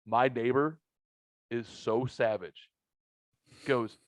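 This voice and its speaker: A middle-aged man hosting a podcast, telling a story in a casual, profane and animated way. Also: mid-range voice, moderate pace, dry recording. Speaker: podcast host. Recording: dull lo-fi audio.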